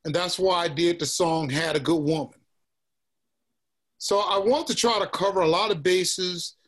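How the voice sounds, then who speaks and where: A man from Texas with a Southern accent, a musician guest chatting casually in an interview, relaxed and peppering his talk with "man" and "you know.". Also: sits high, normal speed. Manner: laid-back, says "man" and "you know" often, laughs easily.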